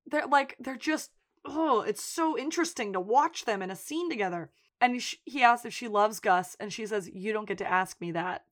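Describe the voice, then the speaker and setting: A woman co-hosting a podcast, recapping a TV episode in casual chat, telling it with lively storytelling, acting out characters' lines and laughing often. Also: on the high side, normal speed. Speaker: podcast co-host.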